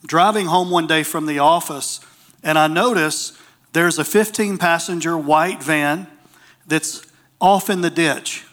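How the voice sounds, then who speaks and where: A man preaching, telling a story with lots of animation. He acts out the people in the story in a high, bright voice that has a sharp edge to it. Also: a little slow. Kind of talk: storytelling sermon.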